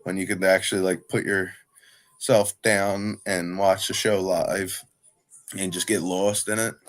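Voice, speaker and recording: A man's voice: sits low, little pitch movement, unhurried. A man who wrestles for a living, chatting casually as a guest, talking with a slight lisp and rambling full of "like". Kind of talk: casual chat.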